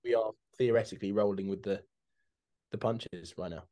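A man's voice: on the low side, steady tone, normal speed, mellow. A young man, co-hosting a casual podcast with teasing, joking banter. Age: young adult. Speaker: podcast co-host. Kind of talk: casual chat.

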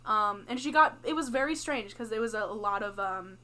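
A woman's voice: mid-range voice, expressive, fairly quick, bright, forceful tone. A teenage girl co-hosting a podcast, chatting casually with giggly, playful reactions. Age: teens. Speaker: podcast co-host. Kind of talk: casual chat.

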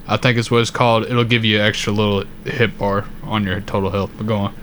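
A man's voice: on the low side, flat delivery, fast, fairly bright tone, slight background noise. A man co-hosting a podcast in casual chat, telling stories in a laid-back, profane way with frequent laughs. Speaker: podcast co-host.

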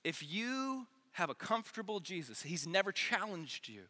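A man preaching an earnest, energetic youth sermon, repeating phrases for emphasis, in a large church hall. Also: sits high, normal speed. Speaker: youth pastor. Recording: long hall reverb.

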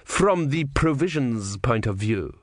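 A man voicing a cold, soft-spoken male inquisitor who talks slowly and deliberately, with silky menace. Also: medium pitch, lively intonation, no room sound, clean studio sound. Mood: probing. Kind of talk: audiobook character voice.

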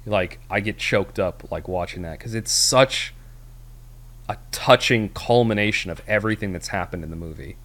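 Podcast co-host, male, low-pitched, loose rambling delivery with lots of fillers. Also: moderate pace, a bit bright. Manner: rambling, many fillers and restarts. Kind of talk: casual movie review chat.

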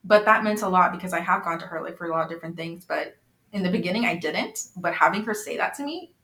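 Candid young woman host, lower voice. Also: expressive, sharp tone, echoey room. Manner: open, confessional, quick to laugh and tear up. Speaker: podcast host. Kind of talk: candid conversation.

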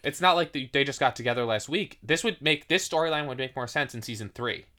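Guy cohosting a podcast, bright voice, rambles, keeps saying like and restarting. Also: mid-range voice, fast. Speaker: podcast co-host. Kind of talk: casual chat.

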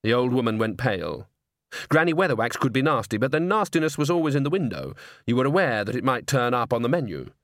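A man's voice: medium pitch, sing-song, fast talker, a bit bright, dry recording. A man reading an audiobook, narrating in a dry, wry storytelling manner on a close studio mic. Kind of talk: scripted narration.

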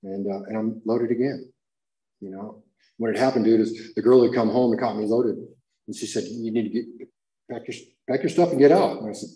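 A man telling his own recovery story at a meeting, slangy and animated, acting out the voices he quotes. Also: medium pitch, a little fast, roomy sound, rough recording.

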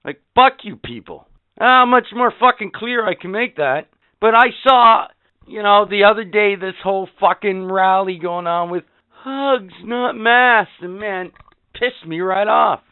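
A man's voice: high voice, a little slow, clean tone, no room sound, narrow, tinny audio. A man in his fifties hosting a podcast, delivering a profane, sarcastic, exasperated rant. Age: 50s. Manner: foul-mouthed, sarcastic, exasperated. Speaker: podcast host. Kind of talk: profane ranting monologue.

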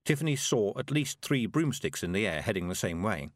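A man reading a storybook aloud as narrator, expressive. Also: lowish voice, a little fast, no room sound, studio quality. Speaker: audiobook narrator. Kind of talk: scripted narration.

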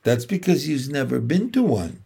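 A man's voice: medium pitch, very animated, moderate pace, vocal fry, dark tone, husky, heavily acted. A man voicing a persuasive old sheep. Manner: listing things at length, persuasive.

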